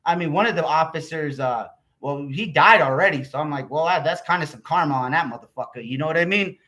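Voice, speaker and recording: An American man vents on his vlog in a heated, rambling rant, swearing at every turn. His voice sits high for a man, with a bright, forceful edge. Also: fast talker. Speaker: YouTuber.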